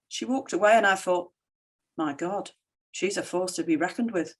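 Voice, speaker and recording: Animated woman telling stories in a keynote. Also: fairly low pitch, normal speed. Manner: animated storytelling, quotes others in lively voices. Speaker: keynote speaker. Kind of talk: conference keynote with slides.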